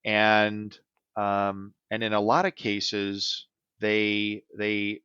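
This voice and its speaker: Earnest low-voiced man, dull dry audio. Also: monotone, very slow, bright, forceful tone, smooth, no echo. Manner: earnest, repeats "right?" often. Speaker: business transition advisor. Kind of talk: podcast interview answers.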